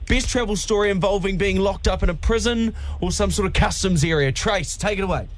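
A man with a New Zealand accent hosting breakfast radio, an animated storyteller who banters with co-hosts. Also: high-pitched, brisk, a little hiss or hum. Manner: animated storyteller, puts on voices. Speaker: radio host. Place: radio studio. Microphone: studio mic.

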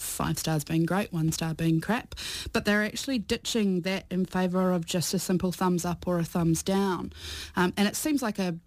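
A woman explaining social media and tech news in a clear, brisk, explanatory way on a casual radio chat. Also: on the low side, dry recording.

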